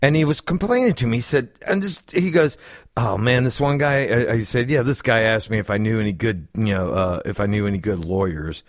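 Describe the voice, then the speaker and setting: A man hosting a casual chat, low-key and given to repeating emphatic asides. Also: fairly quick, few pauses, no room sound, studio quality.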